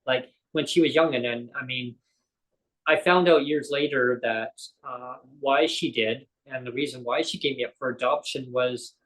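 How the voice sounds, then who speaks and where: A man's voice: medium pitch, steady tone, normal speed, a bit bright, low-quality recording. A man, a guest on a live interview show, tells a personal story in a rambling way, often correcting himself and acting out quoted dialogue.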